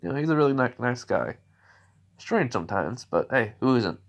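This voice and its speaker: A man voicing a cocky, relaxed male curse spirit in a low-key, offhand way. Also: normal speed, creaky. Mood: friendly.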